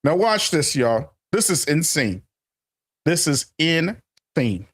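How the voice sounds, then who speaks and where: A man's voice: a little high, very animated, slow pace, slightly rough. A man hosting a casual commentary monologue, emphatic and repetitive, calling his viewers family and laughing often. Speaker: channel host.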